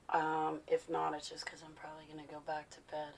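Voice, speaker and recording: A woman chatting casually with her viewers on a livestream from home, rambling into animated stories. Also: on the low side, normal speed, creaky, distant mic.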